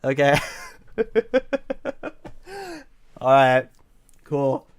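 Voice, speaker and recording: A man's voice: medium pitch, level tone, very slow, clean tone. A young man on a live stream, reading an AI-written story aloud in a playful, giggly, melodramatic way.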